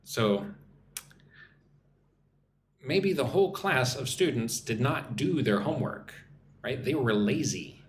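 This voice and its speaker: A man teaching English on a live stream, chatting as he reads out viewer comments and explaining slang with slow example sentences. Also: mid-range voice, lively intonation. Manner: chatty, reads viewer comments aloud and greets them in their languages. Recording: roomy echo with faint background hum.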